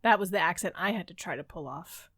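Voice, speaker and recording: A woman co-hosting a book podcast, chatty and quick to laugh. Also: on the low side, lively intonation, a bit bright, breathy edge, no room sound, studio quality. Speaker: podcast co-host. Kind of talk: casual chat.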